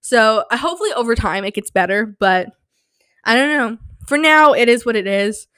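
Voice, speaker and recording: A woman's voice: a little high, lively intonation, normal speed, fairly bright tone, smooth, no room sound. Hyper, rambling young woman podcaster. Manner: hyper, rambling, self-mocking. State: sleep-deprived and slap-happy; sore throat from yelling. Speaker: podcast host. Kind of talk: casual solo podcast chat. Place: small home studio. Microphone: studio mic, close.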